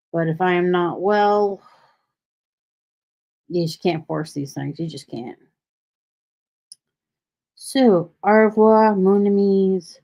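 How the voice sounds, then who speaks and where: A woman's voice: lowish voice, warm tone. A woman hosting a casual solo livestream from home, rambling freely with sarcastic asides. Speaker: livestream host. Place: home in Texas. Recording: dull lo-fi stream audio.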